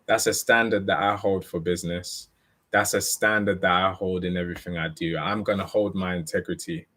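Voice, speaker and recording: A man's voice: low-pitched, steady tone, a little fast, fairly bright tone. A young man telling a personal story in an earnest, candid way, often repeating and restarting his phrases. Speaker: motivational speaker.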